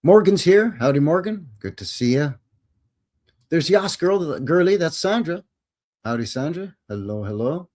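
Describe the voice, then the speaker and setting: A man's voice: fairly high pitch, lively intonation, a little slow, a little mellow. A man hosting a live show, chatting casually and greeting viewers by name. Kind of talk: casual livestream chat.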